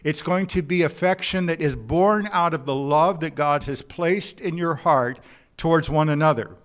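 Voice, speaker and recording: A man preaching a sermon in an earnest, unhurried way, sometimes halting and repeating words as he builds a point. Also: on the high side. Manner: earnest preaching with told jokes and a drawn-out, halting delivery. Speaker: pastor.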